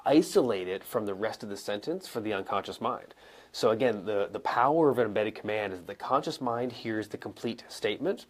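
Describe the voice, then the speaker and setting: A young adult man coaching live viewers in a casual, conversational way, acting out examples with pauses and emphasis. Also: lowish voice, lively intonation. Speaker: coach and speaker answering viewer questions. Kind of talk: live-streamed teaching. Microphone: camera mic, moves around and sits back down.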